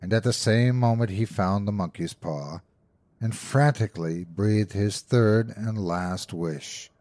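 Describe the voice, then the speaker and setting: A man hosting a horror podcast, narrating a classic ghost story in a measured, suspenseful way. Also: on the low side, a little mellow, no echo.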